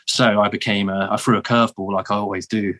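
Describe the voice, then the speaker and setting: A man in his thirties from the south of England with a southern English accent, telling stories as a guest in a casual interview, animated and full of restarts. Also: on the low side, fast. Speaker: guest, former marine.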